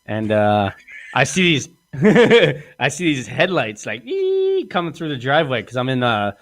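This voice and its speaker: A man's voice: mid-range voice, wildly swooping pitch, measured pace, fairly bright tone, no room sound. A man hosting a podcast, telling a crude comic story in a rambling way and laughing often. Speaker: podcast host.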